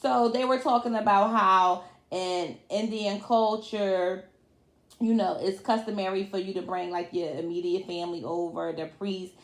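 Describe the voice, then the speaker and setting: A woman's voice: mid-range voice, fairly even intonation, moderate pace, roomy sound. A woman recapping a reality TV episode in a casual, colloquial chat, with lots of fillers and frequent laughs. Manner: chatty, colloquial, laughs often, many fillers.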